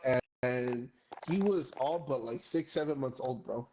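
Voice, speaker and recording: A man's voice: medium pitch, unhurried, noisy background. Rambling, cursing young man telling a story. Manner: profane, rambling, says "bro" a lot; switches between English and Spanish. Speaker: gamer streamer. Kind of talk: casual storytelling while gaming.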